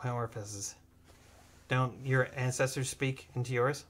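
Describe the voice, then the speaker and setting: A man's voice: mid-range voice, steady tone, measured pace, a bit bright. A man hosting a comedic livestream, joking and acting out both sides of his stories. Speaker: stream host.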